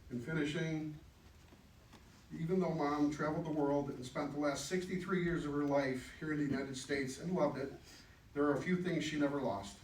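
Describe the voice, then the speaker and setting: A man reading a prepared remembrance of his mother at her memorial, measured and steady. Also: a little high, slight background noise. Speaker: son giving a remembrance. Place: funeral home chapel. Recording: echoey room, distant mic, faint ambience.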